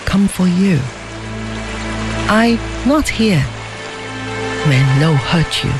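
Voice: mid-range voice, lively intonation, drawn-out words, over music, low-quality recording. A reader voicing a devoted young male servant who speaks in clipped, simple broken phrases. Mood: urgent.

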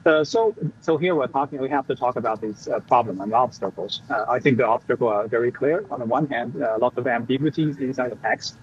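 A male Middle East expert giving interview comments, halting, with many fillers and restarts. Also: mid-range voice. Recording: dull lo-fi remote audio, faint noise.

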